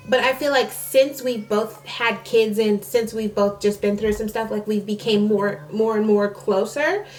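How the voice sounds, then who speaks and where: Her voice is mid-range, with a little hiss or hum on the recording, and she sits a bit far from the mic. She's a young mother and nursing student chatting casually to camera, telling a rambling story riddled with "like" and restarts.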